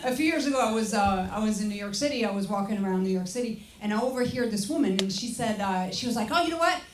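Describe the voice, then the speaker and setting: A woman from France with a French accent, performing a stand-up comedy set in a club, deadpan with playful put-on voices. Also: mid-range voice, quick pace. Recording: roomy club sound, mic at a distance, audible noise.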